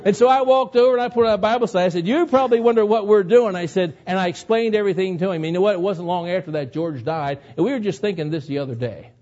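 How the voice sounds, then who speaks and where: A man's voice: high-pitched, fast talker, hardly any pauses, darkish tone, dull audio. A man preaching a sermon, telling a personal story in an earnest way that builds to emotional moments. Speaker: pastor.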